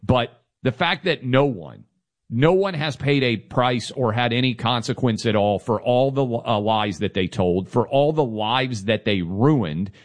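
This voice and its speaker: A man co-hosting a political talk show, making an emphatic, steady argument. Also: mid-range voice, measured pace. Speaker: co-host. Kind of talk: political talk radio commentary.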